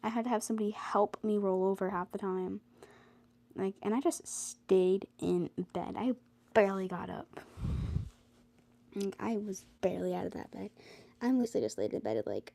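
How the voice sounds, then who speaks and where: In this casual talk to camera, a teenage vlogger addresses her phone in a tired, meandering way, full of fillers and bursts of exasperated ranting. She has a warm, gravelly mid-range voice with lively intonation, speaking at a normal speed and pausing often.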